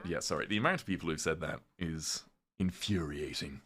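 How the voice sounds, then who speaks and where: A British man casually chatting with his viewers on a livestream, reading chat aloud, swearing freely and reacting with sudden loud outbursts. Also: low-pitched, brisk, slightly rough. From Britain.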